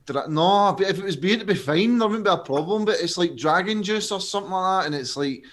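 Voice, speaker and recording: A man's voice: high voice, lively intonation, fairly quick, fairly bright tone. A man chatting casually, rambling and swearing in frustration. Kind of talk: casual chat.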